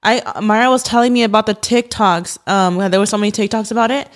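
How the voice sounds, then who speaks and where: A woman's voice: medium pitch, brisk. A young woman from California co-hosting a podcast in casual chat, earnest and full of "like" fillers, with the odd swear word. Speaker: podcast co-host. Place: podcast studio.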